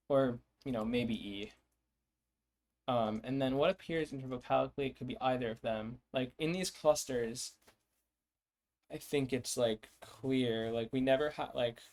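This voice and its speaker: Slow, hesitant man thinking aloud. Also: medium pitch, a little mellow. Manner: hesitant, many fillers and restarts, sounds out words. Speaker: language creator streaming his work. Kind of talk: thinking aloud while working.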